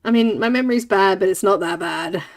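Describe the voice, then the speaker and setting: A woman hosts a live coloring stream, chatting casually and telling stories while laughing often. Her voice sits in the mid range, and she talks a little fast.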